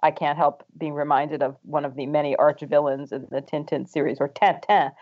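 A man's voice: on the high side, flat delivery, fairly quick. A man from France, a panel guest making wry, argumentative points in a political discussion, with frequent hesitant restarts. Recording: dull lo-fi audio.

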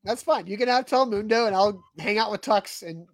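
Man, podcast co-host, high voice, relaxed, firm opinions, dry close sound. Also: a little fast, no room sound. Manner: relaxed, firm in his view, wraps up the show. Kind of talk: casual chat.

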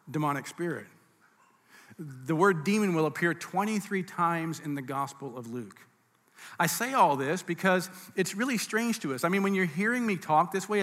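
Pastor, male, conversational sermon delivery, slightly high voice, reverberant room. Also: a bit bright. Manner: conversational teaching, asides and restarts. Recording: reverberant hall.

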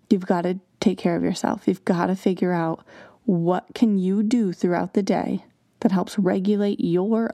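Gravelly, mellow-voiced woman podcast host. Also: mid-range voice, no room sound. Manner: earnest, conversational, acts out children's lines. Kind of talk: parenting advice podcast.

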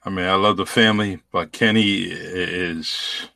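A man's voice: deep voice, steady tone, unhurried, gravelly, bright, forceful tone, no room sound. A man hosting a podcast, talking in a laid-back, hesitant way. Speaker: podcast host. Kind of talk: casual chat.

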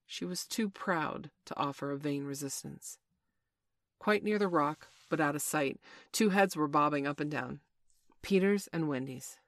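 A woman reading a children's classic aloud as narrator, steady and expressive. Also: deep voice, unhurried, dry recording, clean studio sound.

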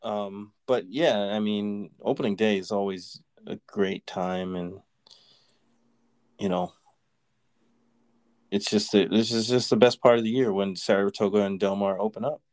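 A man's voice: fairly low pitch, fairly even intonation, measured pace, pauses often, a little mellow. A man with a Boston accent chatting easily as co-host of a racing talk show. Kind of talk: casual chat.

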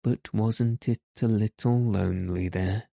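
A man reading the lines of a calm, kindly doctor who speaks gently and reassuringly. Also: lowish voice, unhurried, creaky, no echo, studio quality. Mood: gentle.

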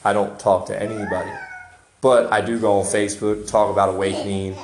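A man's voice: on the low side, level tone, a little fast, echoey room, background noise. A man in his forties hosting a casual podcast monologue from home, ranting with passion and swearing freely. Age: 40s. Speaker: podcast host and father.

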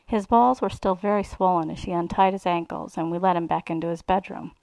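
Gravelly woman reading an erotic story. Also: fairly low pitch, a little fast, hardly any pauses, a little mellow, no echo, low-quality recording. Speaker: reader.

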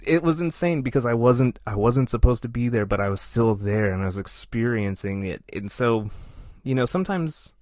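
Male podcast co-host, casual animated storyteller, dry close sound. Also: mid-range voice, normal speed, no room sound. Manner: animated, self-deprecating anecdote telling.

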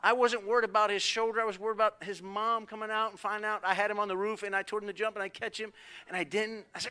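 A middle-aged pastor preaches a sermon built around family stories, animatedly voicing the people who appear in them. His voice is high-pitched and smooth, and he moves at a quick pace.

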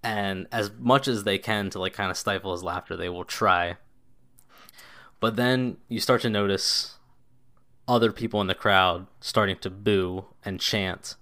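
A man's voice: sits low, pushed and bright. A man narrating as game master of a tabletop game, in a loose, descriptive way with lots of casual filler words.

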